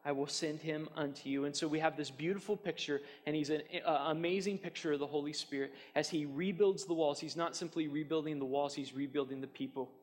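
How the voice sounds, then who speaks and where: A man's voice: a little high, fairly even intonation, brisk, hardly any pauses. A man preaching a sermon as pastor, earnest and emphatic, often repeating his points. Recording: long hall reverb.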